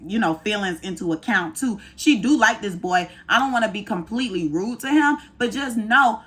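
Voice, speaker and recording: Woman cohost chatting, bouncy pitch, keeps laughing and doing little voices. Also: expressive, normal speed, fairly bright tone. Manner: laughs often, acts out quoted lines in a higher voice. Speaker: podcast co-host. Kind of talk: casual chat.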